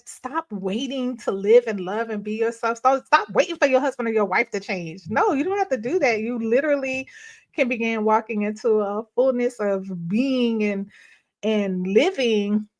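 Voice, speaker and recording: Woman, middle-aged, slightly high voice, animated storytelling, frequent laughter, casual ministry live stream. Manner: animated storytelling, laughing often, addressing viewers as y'all. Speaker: ministry host.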